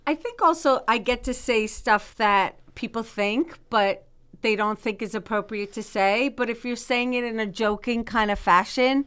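A brash Brooklyn woman in her forties, joking and mocking herself in easy chat. Her voice sits a touch high and sounds smooth and clear. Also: normal speed, fairly bright tone. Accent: Brooklyn, New York. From New York. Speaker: comedian guest. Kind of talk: casual chat.

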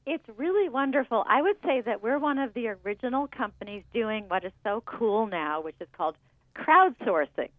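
A woman calling in as a guest to a radio show, telling stories in a measured way. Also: a little high, animated, no echo. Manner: measured storytelling. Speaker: book editor guest on the phone. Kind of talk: phone-in interview. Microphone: telephone. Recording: tinny phone line.

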